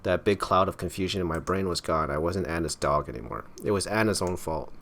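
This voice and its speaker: This male gaming YouTuber speaks briskly in a low-sitting, slightly bright voice with vocal fry. As he plays, he reads out the game's text and adds stumbling, casual commentary and wry remarks, his throat strained from so much talking.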